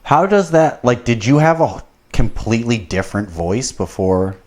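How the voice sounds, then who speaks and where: A man's voice: mid-range voice, animated, normal speed, a little mellow. A man hosting a podcast in casual chat, rambling and swearing a lot. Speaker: podcast host.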